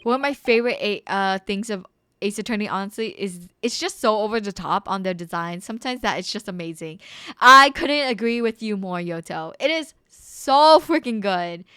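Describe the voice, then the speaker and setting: Bright, excitable young woman streamer. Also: mid-range voice, normal speed, smooth, dry recording, clean studio sound. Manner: excitable, giggly. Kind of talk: casual game stream chat.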